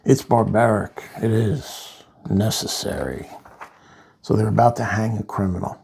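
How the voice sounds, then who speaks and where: A man casually reviewing a comic book, rambling through the plot with asides, in a gravelly voice. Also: lowish voice, steady tone, a little slow, a little mellow.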